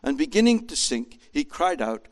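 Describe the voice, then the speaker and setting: A man preaching a sermon with an animated manner, acting out voices as he tells the story. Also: fairly high pitch, normal speed. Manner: animated, acts out voices in quotes.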